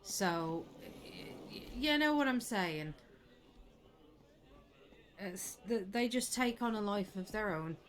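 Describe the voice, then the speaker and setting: A woman's voice: mid-range voice, lively intonation, slow pace, pauses often. Giggly woman streaming a game. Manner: chatty, giggly, exclaims at the game. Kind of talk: casual live gameplay commentary. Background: game music.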